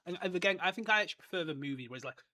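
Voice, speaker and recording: A man's voice: sits high, lively intonation, very fast, pushed and bright, a little hiss or hum. A man hosting a podcast, chatting loosely about a book, rambling and laughing at his own jokes. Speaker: podcast host. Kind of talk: casual book discussion with read-aloud passages.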